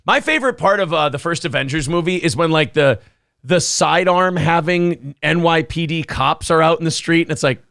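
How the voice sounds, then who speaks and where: A man's voice: fairly high pitch, moderate pace, creaky, fairly bright tone, no room sound, studio quality. A man co-hosting a morning talk show, joking crudely and reading viewer comments aloud. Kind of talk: crude casual banter.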